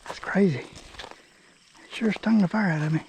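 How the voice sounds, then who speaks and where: Folksy high-voiced fishing vlogger man. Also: a little slow, gravelly, darkish tone, a little hiss or hum. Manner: folksy, talks to the fish. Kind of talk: casual outdoor fishing commentary. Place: outdoors by a creek.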